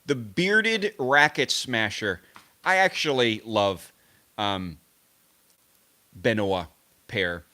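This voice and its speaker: A man's voice: fairly low pitch, lively intonation, very slow, long pauses, pushed and bright. A man hosting a tennis live stream, chatting casually to his viewers in a rambling, self-correcting way as he muses aloud. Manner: rambling, self-correcting, musing aloud over name pronunciations.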